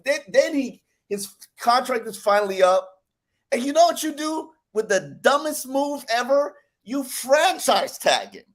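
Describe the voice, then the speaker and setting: A man on a sports podcast ranting in an exasperated way, repeating words as he gets worked up. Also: high voice. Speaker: podcast columnist. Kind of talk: heated sports podcast rant.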